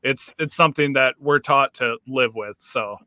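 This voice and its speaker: A man hosting a podcast, halting and hesitant as he reads out listener questions in casual chat. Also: mid-range voice, pushed and bright, no room sound. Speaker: podcast host.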